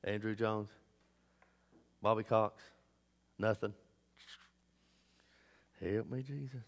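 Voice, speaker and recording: A man preaching a sermon as pastor, swinging between loud emphatic bursts and low asides. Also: steady tone, slow pace. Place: church sanctuary. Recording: long hall reverb.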